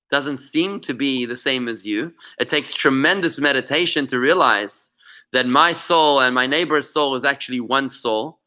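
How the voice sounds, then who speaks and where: A man's voice: mid-range voice, sharp tone. A man, a rabbi, teaching an interactive class over a video call, telling stories animatedly and often repeating words as he goes. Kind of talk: interactive online lesson.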